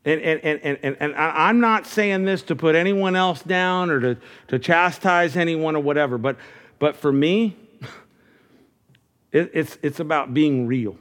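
Middle-aged male pastor, slightly high voice, earnest, folksy preaching with lots of restarts. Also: unhurried, a bit bright. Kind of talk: sermon.

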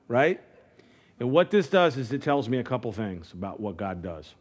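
A man's voice: mid-range voice, animated, fairly quick, darkish tone. A man preaching a sermon in a conversational way, with frequent restarts, building to fervent calls. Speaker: pastor.

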